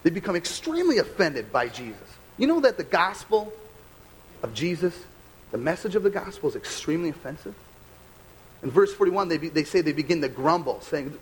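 A young adult American man, a pastor giving a conversational, animated sermon full of rhetorical questions. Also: a little high, brisk, slight background noise, poor audio. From United States.

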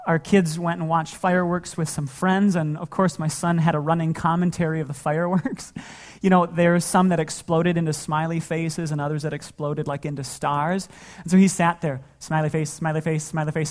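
A man in his thirties, a pastor, giving a sermon and telling family stories in a relaxed way, often breaking into laughter. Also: on the high side. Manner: relaxed storytelling with frequent laughter.

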